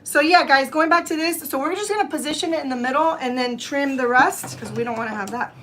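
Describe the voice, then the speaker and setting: A woman's voice: sits high, quick pace, a bit bright. A woman in her fifties from Florida hosting a live-stream gift-wrapping tutorial, chatty and wandering off track as she talks to her viewers. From Tampa area, Florida, US. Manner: chatty and digressive, often addresses viewers as y'all. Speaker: craft channel host.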